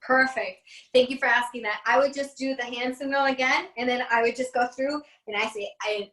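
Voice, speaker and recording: A woman's voice: high-pitched, a little fast, bright, forceful tone, roomy sound, distant mic, slight background noise, poor audio. A woman teaching an online class in a casual, chatty way, laughing often, on a video call.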